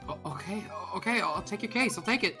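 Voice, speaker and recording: A woman's voice: mid-range voice, lively intonation, fast talker, over music, close to an everyday voice. A woman voicing a flustered young male defense attorney who stammers and hesitates.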